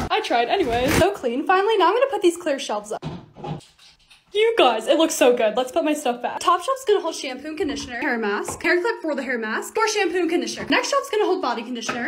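Bubbly quick-talking young woman. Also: sits high, background noise. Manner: chatty, excitable, quick asides. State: hoarse, losing her voice. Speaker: lifestyle creator. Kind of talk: casual voice-over narration.

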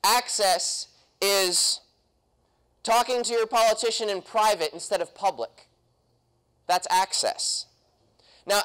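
A man's voice: high-pitched, a bit bright, clear, resonant tone, poor audio. A young man speaking at a political convention, punchy and quizzing the audience with questions. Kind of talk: political talk to a live audience. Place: convention hall.

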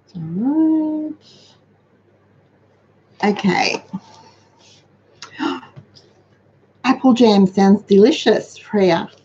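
A woman's voice: mid-range voice, animated, very slow, pauses often, warm tone, dull audio, a little hiss or hum. A middle-aged woman hosting a casual live chat, practical and talkative as she answers viewers. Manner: chatty, practical, reads out viewer comments. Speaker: host of a money-saving livestream.

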